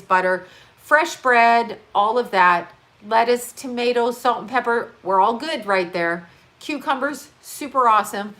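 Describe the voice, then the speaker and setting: A woman's voice: mid-range voice, pushed and bright. Female live-stream host, loose tangents, cusses freely, laughs mid-sentence. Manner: rambling, profane, jumps between topics; laughs often while talking. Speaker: livestream host. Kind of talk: casual live-stream chat. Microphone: on-camera mic.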